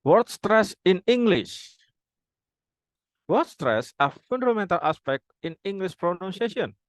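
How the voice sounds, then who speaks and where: A man's voice: a little high, no echo, low-quality recording. Young man reading a formal script. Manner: reads a formal script aloud with halting restarts. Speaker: student presenter. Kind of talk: reading a prepared phonology presentation.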